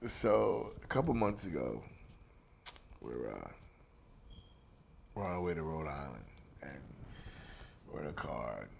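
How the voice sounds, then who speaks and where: Deep-voiced, swearing, laughing middle-aged man. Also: big pitch swings, unhurried, creaky, pauses often, a little mellow, slight background noise. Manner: profane, laughs through his own stories. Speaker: interview guest, pro wrestler. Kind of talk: casual storytelling anecdote.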